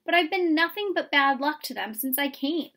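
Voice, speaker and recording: Woman playing a male cricket, gentle, glum, soft-spoken, storybook. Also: high-pitched, expressive, normal speed, voice pushed up. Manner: soft and dejected.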